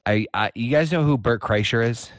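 A man's voice: mid-range voice, moderate pace, no echo. A man co-hosting a podcast, telling a story in loose casual chat. He swears a lot and stumbles through restarts as he rambles on. His voice sits dry and close, with no room around it. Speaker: podcast co-host.

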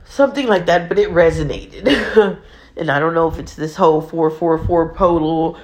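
A woman's voice: lowish voice, normal speed, darkish tone. A woman, telling a personal story in a casual, candid way and swearing freely. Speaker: vlogger.

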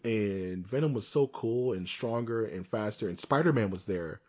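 A man co-hosting a casual podcast, ranting in an animated, emphatic way. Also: on the low side, normal speed. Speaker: podcast co-host. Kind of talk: casual chat.

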